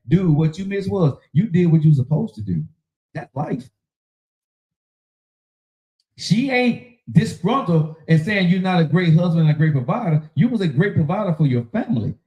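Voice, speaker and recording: A man's voice: high-pitched, expressive, brisk, lo-fi sound. A man with a slightly raised voice lectures on marriage in a loose, slangy, emphatic way. He repeats his points and drives them home. The room adds a noticeable echo. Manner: preachy, emphatic, slangy, laughs often. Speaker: podcast host. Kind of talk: casual relationship talk.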